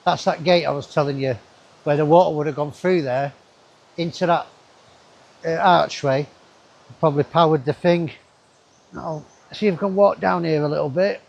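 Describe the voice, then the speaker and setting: A man's voice: fairly high pitch, normal speed, creaky, pauses often, darkish tone. A man, chatting casually to his camera as he walks through a river gorge outdoors, rambling with asides to himself. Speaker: travel vlogger. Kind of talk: casual walking commentary.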